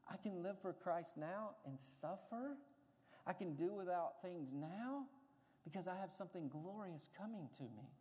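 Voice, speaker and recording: A man with a high-pitched voice delivers a sermon from the pulpit. He moves between quiet, confiding passages and fervent, raised declarations. The sound carries the long reverb of a church sanctuary. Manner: dynamic preaching, swinging from hushed to loud. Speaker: pastor.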